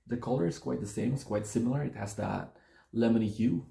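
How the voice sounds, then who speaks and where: A man's voice: mid-range voice, lively intonation, normal speed, gravelly, warm tone, reverberant. A man, chatting casually and rambling to his phone camera while taste-testing beer at home. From Philippines. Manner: chatty, rambling, self-correcting. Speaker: beer-tasting vlogger.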